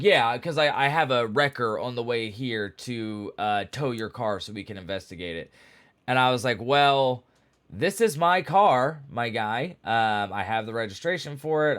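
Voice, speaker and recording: A man chatting at home to his camera, spinning a long story casually. He rambles and leans on fillers, with a wry, exasperated edge. His pitch sits in the ordinary middle range. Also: moderate pace, fairly bright tone, clear, resonant tone. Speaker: vlogger. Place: at home with pets.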